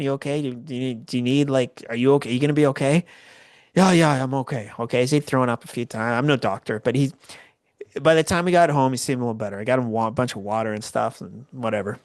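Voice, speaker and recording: A Canadian man in his forties tells a personal story with a middle-pitched voice, animated and rambling, often correcting himself mid-sentence. The sound is close and dry, with no room around it. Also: no room sound. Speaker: podcast host.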